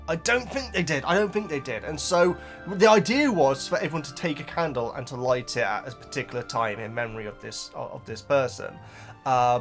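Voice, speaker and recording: A man's voice: fairly high pitch, a bit bright. A man hosting a book reaction video, chatting casually to viewers in a rambling way with frequent stammered repeats and asides.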